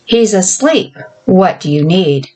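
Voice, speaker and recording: A woman reading aloud, voicing a practical, feisty woman who is a mail carrier, in a brisk, matter-of-fact way. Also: lowish voice, lively intonation, warm tone, rough recording. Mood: calm, firm.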